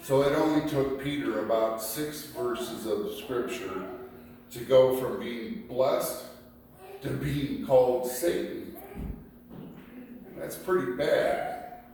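Slow preacher in an echoey hall. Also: male voice, mid-range voice, darkish tone. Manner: slow, deliberate preaching, reading scripture aloud. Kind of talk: sermon. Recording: echoey room picked up from a distance.

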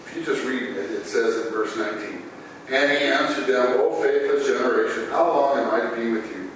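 A man's voice: medium pitch, brisk, distant mic, a little hiss or hum. Man preaching in an echoey hall. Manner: conversational preaching, acting out sighs and quotes. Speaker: pastor. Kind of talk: sermon.

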